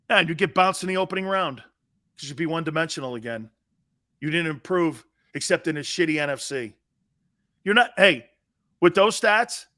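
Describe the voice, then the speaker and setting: A middle-aged man hosting a live sports talk show, brash and blunt, swearing freely and jumping between loud bursts and low asides.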